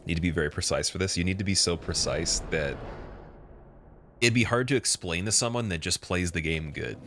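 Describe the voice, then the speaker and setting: Low-voiced Canadian streamer guy. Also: a little fast, a bit bright, slight background noise. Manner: loose rambling talk with lots of "like" and laughter. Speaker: gaming streamer. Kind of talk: casual live-stream chat.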